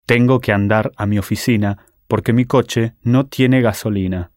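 Low-voiced man giving careful answers. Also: fairly even intonation, fairly quick, darkish tone, dry recording, studio quality. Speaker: model student answering. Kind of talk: scripted answers in a language lesson.

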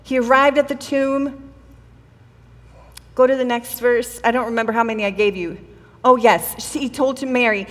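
A woman's voice: on the high side, steady tone, moderate pace, pauses often, in a large hall. A woman preaching a sermon in a conversational way, acting out the quoted voices of the people in the story. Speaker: pastor. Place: church hall.

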